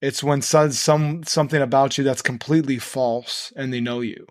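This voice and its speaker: A man's voice: medium pitch, steady tone, moderate pace, no room sound, studio quality. A man speaking as a guest on a podcast, talking in earnest, preachy run-on phrases. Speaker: guest, nonprofit co-founder. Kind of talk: conversational podcast interview.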